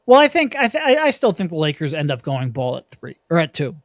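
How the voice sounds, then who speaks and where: A young man hosting a casual sports podcast, chatty and quick with asides, laughing easily. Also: fairly high pitch, wildly swooping pitch, dry recording, studio quality. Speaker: podcast host.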